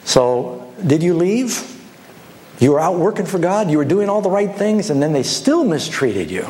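A man's voice: high-pitched, normal speed, slight background noise. A man preaching a sermon, telling stories and acting out the dialogue in changing voices. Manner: animated storytelling, acts out dialogue with shifting voices.

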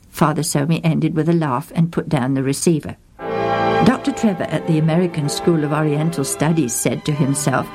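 A woman's voice: deep voice, moderate pace, over music. Woman reading a story aloud. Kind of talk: read-aloud story narration.

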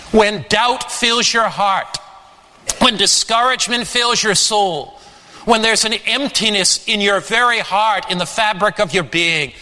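A man preaching a sermon, slow and emphatic, repeating his refrains. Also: sits high, bright, forceful tone. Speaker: pastor. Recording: long hall reverb.

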